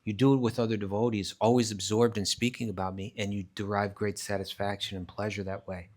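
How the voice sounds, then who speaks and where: Emphatic low-voiced man teaching scripture. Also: level tone, brisk, darkish tone. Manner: emphatic, explains step by step with frequent restarts; recites verses in Sanskrit. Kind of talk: live scripture class lecture. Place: class at a rural retreat centre.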